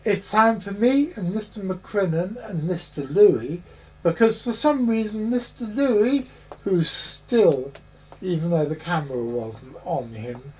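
A man's voice: on the high side, darkish tone, slight background noise, low-quality recording. A man hosting a podcast in a rambling, jokey chat full of puns. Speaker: podcast host. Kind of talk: casual chat.

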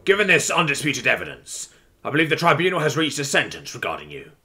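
A man's voice: a little high, wildly swooping pitch, fast talker, bright, forceful tone, soft background music, full character voice. A man voicing a formal alien tribunal judge. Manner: formal, proclaiming.

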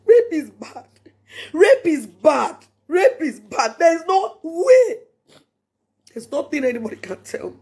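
A woman's voice: a little high, a little mellow, husky. A Nigerian woman giving an impassioned personal address, emphatic and prayerful, repeating phrases for force. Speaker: public statement speaker.

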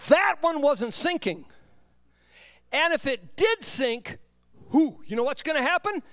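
Guy preaching in church, high lively voice, goes loud then drops way down quiet. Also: a little slow, pauses often, no room sound. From Southern US. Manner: swings from loud emphatic preaching to hushed low asides. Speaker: pastor. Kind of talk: sermon.

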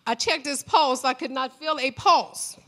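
A woman giving an emotional church testimony, fervent and rising to loud praise. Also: high voice, unhurried.

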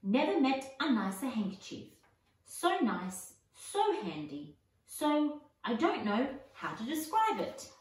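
A woman's voice: high voice, very animated, slow pace, voice pushed up, full character voice. A woman voicing a huge, polite, clumsy male giant with broad common speech, puffing as he talks. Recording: echoey, distant mic.

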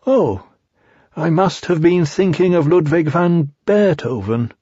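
A man doing Pooh, a gentle, slow-witted storybook bear who speaks high and wondering, with a husky edge. His lines drift up and down in pitch. The audiobook recording is dry and a little muffled. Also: expressive, no room sound, full character voice. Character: Pooh, a gentle simple-minded male toy bear.

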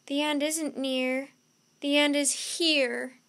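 A woman reading a storybook aloud, voicing an anxious, excitable young boy who gets shrill and loud when scared. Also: brisk. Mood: tense. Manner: rises high and loud when panicked.

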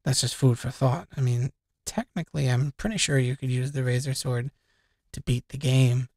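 A young game streamer rambles and jokes through casual let's-play commentary, swearing plenty as he plays. His mid-range voice has a steady, darkish tone at a moderate pace, with no room sound and game music behind him.

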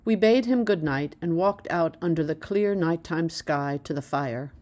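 Woman from the US reading her memoir, low voice. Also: unhurried, a little mellow. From United States. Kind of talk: audiobook narration.

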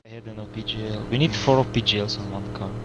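A man's voice: lowish voice, fairly even intonation, quick pace, noisy background. A young man chatting casually while gaming with friends, blurting out and repeating his words. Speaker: gamer recording with friends. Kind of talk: casual gameplay chat.

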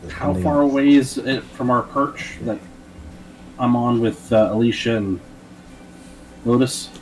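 A man talking casually as a player in a tabletop game, eager and quick to swear. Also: mid-range voice, slight background noise, poor audio.

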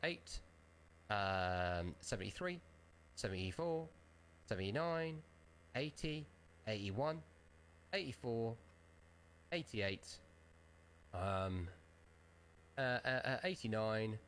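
A man's voice: fairly low pitch, expressive, slow pace, long pauses, a bit bright, a little hiss or hum. A man co-hosting a live gaming stream, running a raffle and reading off numbers in a rambling, swear-laced way. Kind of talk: casual live-stream chat.

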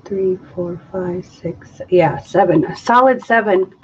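A woman's voice: lowish voice, takes it slowly, lo-fi sound, a little hiss or hum. A woman hosting a live craft demonstration, chatting casually and thinking aloud as she mixes and counts. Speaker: acrylic pouring artist hosting a live stream.

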